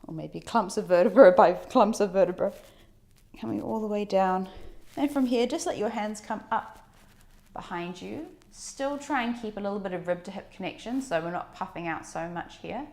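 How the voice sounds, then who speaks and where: Guiding a workout at a moderate pace, a female fitness instructor with a mid-range voice talks participants through their breathing and movements calmly. Her instructions come with friendly, chatty digressions.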